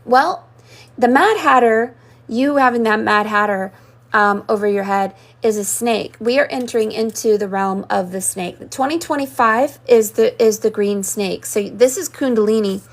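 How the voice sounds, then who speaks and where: A woman's voice: a little high, normal speed. A woman hosting a live-stream scrying session, talking in a rambling, mystical way that jumps from symbol to symbol. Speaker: spiritual reader.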